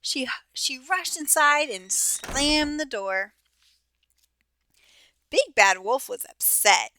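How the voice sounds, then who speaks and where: Slow, bright-voiced woman reading aloud. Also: sits high, dry recording. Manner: slow, expressive reading to children. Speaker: teacher. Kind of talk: children's storybook read-aloud.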